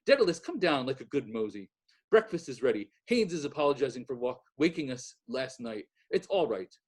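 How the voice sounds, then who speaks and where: A man voicing a boisterous, mocking young man with a hearty, booming voice in a read-aloud novel. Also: very animated, normal speed, dark tone, husky. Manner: hearty, booming, sings off-key.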